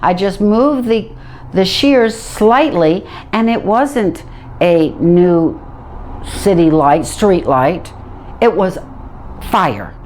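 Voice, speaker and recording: A middle-aged woman with a fairly low voice tells a personal story. She tells it in a vivid, lively way and acts out the lines people said. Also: drawn-out words, a little hiss or hum. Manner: vivid, animated retelling with acted-out quotes.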